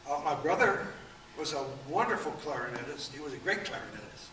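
A man in his eighties telling rambling anecdotes at a book event, halting often with fillers. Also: fairly high pitch, very animated, pushed and bright. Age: 80s. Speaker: author and guest. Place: event room. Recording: echoey room, distant mic, faint room noise.

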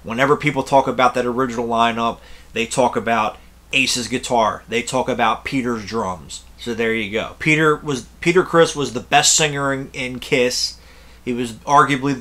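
A man's voice: mid-range voice, bright, forceful tone. A young man telling a rambling, blunt story to camera in a casual way, swearing freely. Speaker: concert reviewer.

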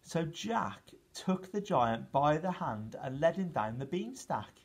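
A male teacher with an English accent reading a children's story aloud, with gentle asides to his listeners. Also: a little high, big pitch swings, takes it slowly, slightly rough. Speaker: primary school teacher.

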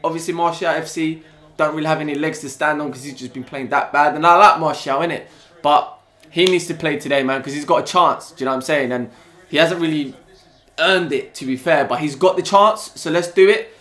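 A young man with a London accent reacting to a football match live, excitable and full of slang, yelling at the players. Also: on the high side, brisk, reverberant. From England. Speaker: football fan reaction channel host. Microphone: desktop USB mic.

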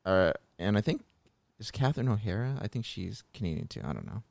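A man co-hosts a podcast in loose, joking chat and breaks into laughter often. His voice sits low, and the dry, close recording carries no room echo. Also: big pitch swings, a little fast, vocal fry, a little mellow. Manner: laughs often, playful teasing. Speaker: podcast co-host. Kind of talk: casual chat.

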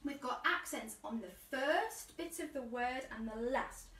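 A woman's voice: high-pitched, normal speed, few pauses. Woman teaching percussion, chanting word rhythms, counting in, echoey room, voice picked up from across the room. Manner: chants food words in rhythm, counts in, loud call-and-response. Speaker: percussion workshop leader. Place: room at home, live video session. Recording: roomy, distant live-stream audio.

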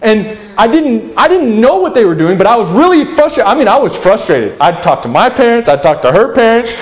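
A young adult male pastor delivers a sermon in a notably high voice. He tells stories with lively energy, drops humorous asides, and plays out his own earlier frustrations to make a point. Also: fairly quick. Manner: animated storytelling with humorous asides; acts out his own past rants.

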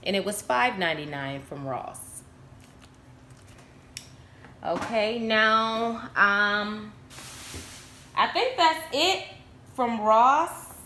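An excitable, chatty woman talking straight to her camera at home, her voice bright and forceful. The room around her rings with echo, and a faint background hum sits under her talk. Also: on the high side, very slow, pauses often. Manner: excitable and chatty, addressing viewers as y'all. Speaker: vlogger showing a shopping haul. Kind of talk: casual chat to camera.

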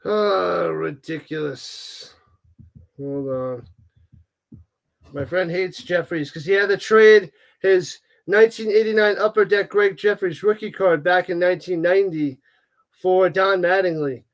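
A man hosting a live sports watch-party stream, chatting casually with viewers and reacting with animated groans and exclamations. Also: high voice, a little slow, creaky. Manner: animated, exclaiming, groaning at bad card pulls. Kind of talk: casual livestream chat, reading viewer comments.

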